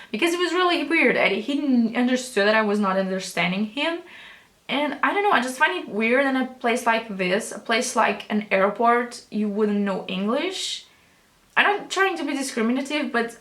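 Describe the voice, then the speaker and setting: A young woman tells a storytime vlog in a loose, rambling way, restarting sentences and swearing casually. Her voice sits a little high, and the room around her is noticeably echoey. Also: a bit bright. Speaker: vlogger.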